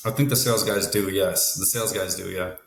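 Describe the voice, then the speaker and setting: A man's voice: low-pitched, steady tone, brisk, creaky. A man talking as a guest about the car business, matter-of-fact, often adding "right?" at the ends of sentences. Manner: matter-of-fact, leans on tag questions like "right?". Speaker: guest, car dealership expert. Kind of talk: casual interview talk. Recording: roomy echo.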